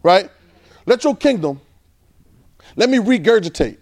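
A man preaching an informal, conversational sermon, repeating phrases and swinging between loud and soft. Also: high voice, sing-song, a little slow.

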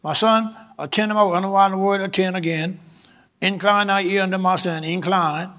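A man's voice: high-pitched, fairly even intonation, normal speed, a bit bright. A male pastor, preaching a sermon that swells in emphasis, with repetition and calls out to the congregation.

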